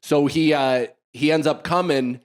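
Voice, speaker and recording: A man's voice: a little high, steady tone, unhurried, smooth. A middle-aged man co-hosting a comedy podcast, telling a rambling story and laughing through it. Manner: rambling, laughs through his own stories. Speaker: podcast co-host.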